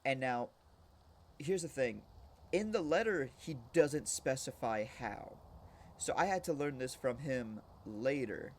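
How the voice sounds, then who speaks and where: A young man streaming a game, casually telling a rambling story with lots of restarts, now and then shouting a punchline. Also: mid-range voice, expressive, takes it slowly. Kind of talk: casual storytelling while gaming.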